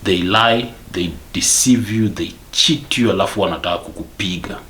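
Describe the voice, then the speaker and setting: Deep-voiced Kenyan man ranting. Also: normal speed, sharp tone. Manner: emphatic, mixes English and Swahili, repeats points. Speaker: vlogger. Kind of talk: angry rant to camera.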